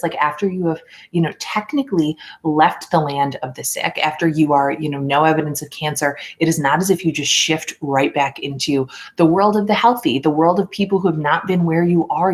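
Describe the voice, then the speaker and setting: A woman hosting a casual podcast livestream, chatting loosely with lots of fillers and restarts, and quoting others in a mock higher voice. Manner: rambling, many fillers and restarts. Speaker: podcast host.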